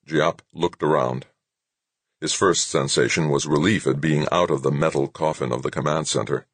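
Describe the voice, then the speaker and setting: A man narrating an audiobook in a steady, measured reading style. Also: a bass voice, breathy edge, no echo. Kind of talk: scripted narration.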